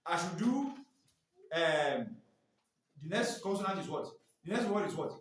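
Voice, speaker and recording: A man's voice: high voice, expressive, measured pace. Quizzing male trainer in echoey room. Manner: quizzing, often ends phrases with a prompting "what?"; spells out letters and sounds one by one. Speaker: staff trainer. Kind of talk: classroom training lecture. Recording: echoey room, mic far off.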